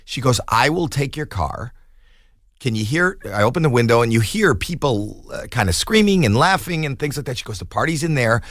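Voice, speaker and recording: A man in his sixties, a podcast guest telling a comic story in an animated way and acting out the quoted voices. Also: medium pitch, a little fast, no room sound, clean studio sound.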